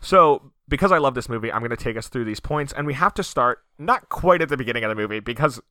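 Bright-voiced guy cohosting a movie podcast, quick jokes, dry close mic. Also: mid-range voice, animated, smooth, no echo. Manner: joking, quick, playful asides. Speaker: podcast co-host. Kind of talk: casual chat about a film.

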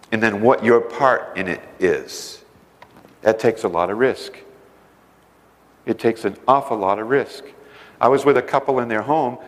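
A man preaching a sermon, telling personal stories earnestly, going from loud emphasis down to a hushed voice. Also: medium pitch, in a large hall. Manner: earnest storytelling, swings from loud emphasis to hushed near-whisper. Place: church service hall.

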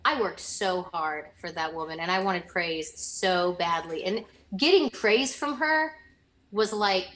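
Young woman, interviewee, earnest and rambling, somewhat low pitch, roomy echo. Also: unhurried, fairly bright tone. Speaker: interviewee, former student. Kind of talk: casual conversational interview.

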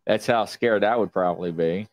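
Male podcast host with a very deep voice who keeps agreeing with "absolutely". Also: normal speed, a little hiss or hum. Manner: eagerly agreeing, says "absolutely". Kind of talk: casual interview chat.

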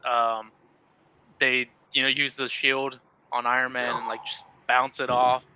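Bright-voiced easygoing male podcast co-host. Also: medium pitch, flat delivery, measured pace, smooth, no room sound, rough recording. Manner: easygoing, earnest, with frequent fillers. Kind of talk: casual podcast chat about superhero films.

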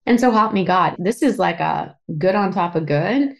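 A woman's voice: on the low side, expressive, moderate pace, vocal fry. A woman hosting a solo podcast, talking candidly and emotionally, swearing casually, a little teary. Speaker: podcast host. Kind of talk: personal solo podcast monologue.

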